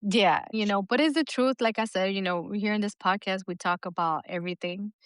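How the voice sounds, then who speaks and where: A middle-aged woman talks frankly on her podcast, dropping curse words and laughing often. Her voice is recorded close and dry, with no room sound around it, and sits at an average pitch for a woman. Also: a little fast, clear, resonant tone, dry recording. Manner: blunt and profane, with frequent laughter. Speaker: podcast co-host. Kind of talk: casual podcast chat.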